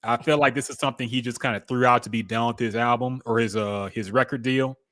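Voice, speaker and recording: Bright-voiced man co-hosting a podcast. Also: medium pitch, steady tone, fast, no room sound, clean studio sound. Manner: laid-back, candid music opinions. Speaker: podcast co-host. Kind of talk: casual chat.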